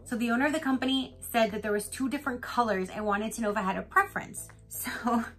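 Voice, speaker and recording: A woman vlogger talks her way through an unboxing in a bright, slightly high voice. She is chatty and giggly and tells little stories between items. Soft music plays faintly behind her. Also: fast talker. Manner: chatty and giggly, retells stories with lots of laughter. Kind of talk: casual unboxing chat. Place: home in Florida.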